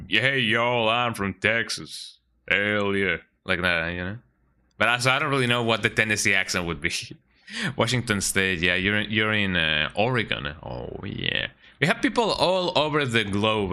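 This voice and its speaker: Rambling low-voiced male streamer. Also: sharp tone. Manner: rambling, says "eh" often. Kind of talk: casual chat while gaming.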